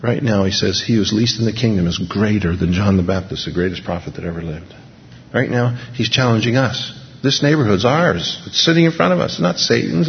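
Gravelly preacher in an echoing hall. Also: male voice, lowish voice, a little fast. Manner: impassioned, builds to emphatic peaks with repetition. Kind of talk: sermon. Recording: dull lo-fi recording with long hall reverb.

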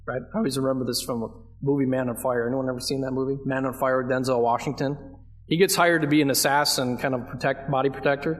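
A man's voice: medium pitch, steady tone, fast talker. A man preaching a verse-by-verse sermon, conversational, asking his listeners questions and leaning hard on key phrases. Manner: conversational, asks the congregation questions; emphatic, leans on key phrases. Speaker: pastor.

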